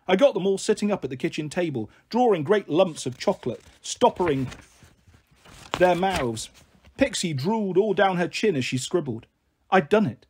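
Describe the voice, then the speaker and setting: A man reading a children's novel aloud as narrator, in a plain, steady storytelling manner. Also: high voice, moderate pace, slightly rough.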